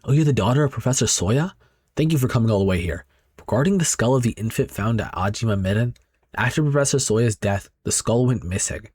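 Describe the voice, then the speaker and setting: A polite university staff member, voiced by a man explaining things in a matter-of-fact way. The reading is brisk and close, with a dry sound and a mid-range pitch. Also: lively intonation, darkish tone, slightly rough, no echo. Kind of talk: dramatic reading of a horror manga.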